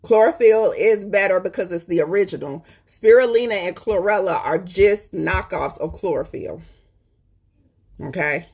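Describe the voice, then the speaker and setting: A woman's voice: medium pitch, moderate pace, darkish tone, breathy edge. A woman talking casually and emphatically to her viewers, repeating her points and often checking in with "okay?". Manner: colloquial, addresses viewers as "y'all". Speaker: host. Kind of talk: casual live-stream chat.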